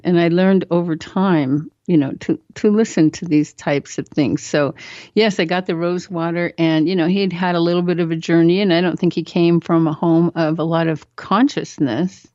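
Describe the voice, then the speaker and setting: A woman guest on a talk show, telling a personal story in an animated way. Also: lowish voice, normal speed, no echo. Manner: animated storyteller who acts out quoted voices. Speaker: interview guest. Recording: dull, lo-fi sound.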